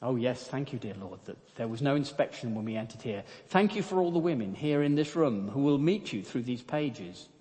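A man's voice: mid-range voice, lively intonation, brisk, hardly any pauses, dark tone, natural voice. A man reading the lines of a frightened, reluctant adult woman prisoner in a sermon story, with an echoing sound. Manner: anxious, wailing, reluctant.

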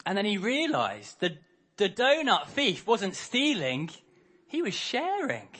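Guy preaching, tells stories, voice jumps all over, kinda highish. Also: slow, breathy edge. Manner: lively storytelling, acts out characters' lines. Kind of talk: harvest sermon with storytelling.

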